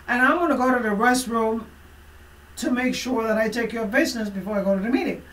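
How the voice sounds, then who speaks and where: A woman life coach telling a motivational personal story, emphatic and expressive, with frequent fillers. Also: a little high, quick pace, recorded from a distance. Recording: roomy echo from away from the mic.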